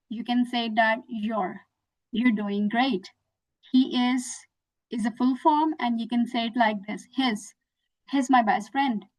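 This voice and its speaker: A young woman gives an online lesson. She speaks slowly and patiently, with a fairly high voice, and walks through example after example. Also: rough recording. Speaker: English teacher.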